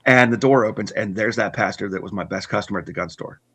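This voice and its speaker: Earnest man with a bright voice. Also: lowish voice, husky. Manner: earnest, halting with restarts and repeats. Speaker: guest telling his testimony. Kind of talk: personal story in conversation.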